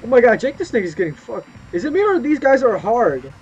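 A young man giving excited gameplay commentary, yelping and swearing as he plays. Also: very high voice, fairly quick. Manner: excitable, yelps and swears at the game. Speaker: gameplay streamer. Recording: muffled lo-fi mic with game music.

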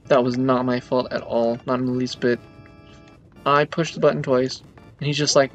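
Here a man delivers let's play commentary in a level, mid-range voice at a moderate pace, dramatically and exasperatedly complaining about a hard level in his game. The recording comes from a dull lo-fi mic, with game music faintly audible.

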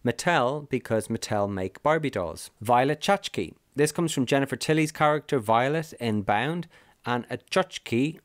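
A man reads a scripted list of explanations, dropping in brief wry asides along the way. His voice sits at a middle pitch. The recording is dry and close, with no room sound. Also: no room sound. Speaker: video narrator. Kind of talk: scripted narration. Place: lives in the UK.

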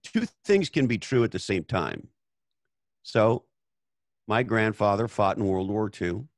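A man's voice: on the low side, lively intonation, unhurried, dry recording. A Canadian man hosting a casual conversation, talking bluntly and swearing freely as he tells stories. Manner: blunt, profane, storytelling. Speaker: host.

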